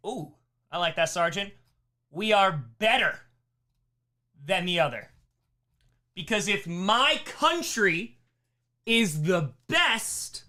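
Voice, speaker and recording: A man teaching a live history lesson on a stream, emphatic and animated, slipping into mocking voices. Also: high voice. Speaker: history teacher on a charity livestream.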